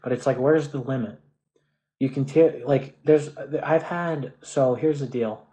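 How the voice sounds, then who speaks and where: A man's voice: medium pitch, a little slow, warm tone, low-quality recording. A man in his twenties with an American accent, ranting in a casual monologue, swearing often and restarting his sentences. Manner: profane, restless, frequent restarts and fillers. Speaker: vlogger.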